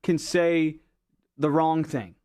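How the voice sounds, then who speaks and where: Male co-host, a bit high-pitched, patient explainer, dry humor. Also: steady tone, slow pace, darkish tone. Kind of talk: casual explaining banter.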